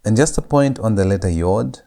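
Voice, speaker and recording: A man teaching a language lesson, saying each letter sound over and over in a drawn-out, patient way. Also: fairly low pitch, animated, gravelly, warm tone. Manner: repeats each sound several times, drawn out. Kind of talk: slow lecture on letter pronunciation.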